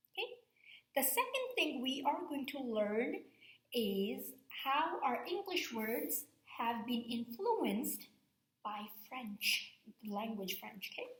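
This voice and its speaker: A woman's voice: a little high, a bit bright. A woman teacher giving a recorded reading lesson to fourth graders, explaining step by step and checking in with "okay?". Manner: slow, patient, explaining step by step with frequent "okay?". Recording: echoey room sound.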